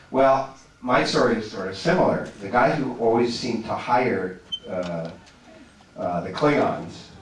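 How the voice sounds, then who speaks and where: Chatty man in an echoey hall. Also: medium pitch. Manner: stammering restarts, laughs easily. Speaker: guest actor at a fan convention Q&A. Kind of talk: casual convention Q&A. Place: large convention hall stage. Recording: echoey hall, far from the mic, noisy.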